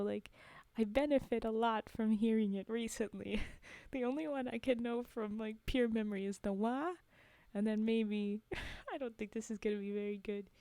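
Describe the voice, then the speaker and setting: Young woman, live streamer, casual chat, giggly, mellow tone, higher pitch. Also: dry recording. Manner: giggly, laughs often between remarks.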